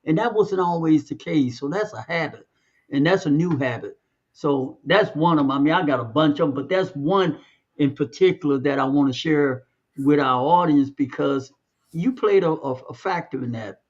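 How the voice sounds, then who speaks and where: A man's voice: on the high side, normal speed, breathy edge, muffled recording. A man co-hosting a podcast, talking in a loose, conversational way and drawing out the words he wants to stress. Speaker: podcast co-host. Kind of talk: casual chat.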